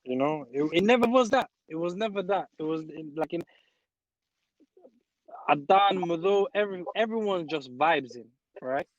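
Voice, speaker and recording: Young man, earnest, stumbles and repeats as he thinks, slightly high voice, muffled audio. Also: lively intonation, moderate pace, dry recording. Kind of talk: casual chat. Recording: dull dry audio.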